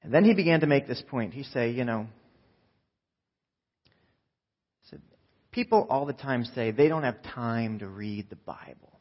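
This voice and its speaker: A man's voice: mid-range voice, expressive, measured pace, pauses often, highs cut off. A man preaching a sermon, telling a story with quoted voices and asides to the congregation. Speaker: pastor.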